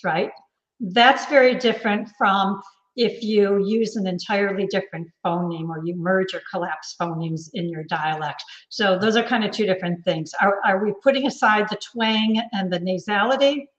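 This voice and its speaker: A woman's voice: mid-range voice, dull audio. A woman, a literacy expert guest, explaining distinctions carefully with some restarts in a panel discussion. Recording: echoey room sound.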